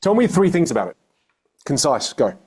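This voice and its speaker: A man working as a communication coach, explaining his ideas in a podcast conversation with energetic, emphatic repetition. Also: a little high, normal speed, husky. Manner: energetic, emphatic, repeats key points.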